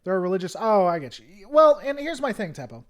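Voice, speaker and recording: With a high voice that swings widely in pitch and a fairly quick pace, this young Tennessee livestream host with a Southern accent chats casually and answers viewers. His rambling is packed with fillers and restarts, shifting from heated to apologetic.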